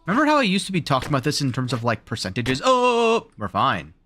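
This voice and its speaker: A man's voice: medium pitch, wildly swooping pitch, very fast, bright, forceful tone, faint music behind. A man with a Southern drawl giving live gameplay commentary, thinking aloud in rambling self-talk, his voice wearing out. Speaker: streamer.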